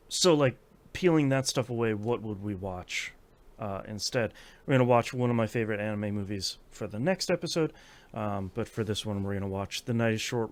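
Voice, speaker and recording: Rambling male podcast host. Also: fairly low pitch. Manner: rambling, many fillers and restarts. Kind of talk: casual chat.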